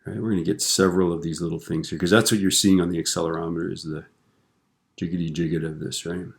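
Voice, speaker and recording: A man with a deep, creaky voice talks quickly as he teaches a software lesson, screen-recorded at his computer. He keeps it relaxed, throwing in corny jokes and tag questions.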